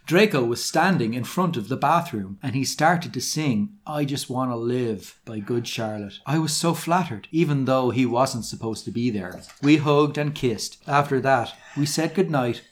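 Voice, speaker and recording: Male podcast co-host, mid pitch, dramatic deadpan readings of bad fiction. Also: normal speed, hardly any pauses. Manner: mock-dramatic reading with sarcastic asides. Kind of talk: casual chat, reading fan fiction aloud.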